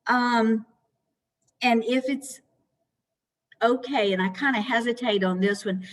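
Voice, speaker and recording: A woman giving an educational talk to caregivers, calm and patient, speaking conversationally and acting out gentle example phrases. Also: on the high side, takes it slowly, long reverb tail, low-quality recording.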